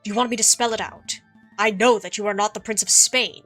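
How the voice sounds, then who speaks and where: A woman voicing a confident male bird defense attorney in a game playthrough, brisk and authoritative. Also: mid-range voice, steady tone, fairly bright tone, soft background music, lightly acted. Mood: stern. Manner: brisk, authoritative bluffing legalese. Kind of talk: reading game dialogue aloud.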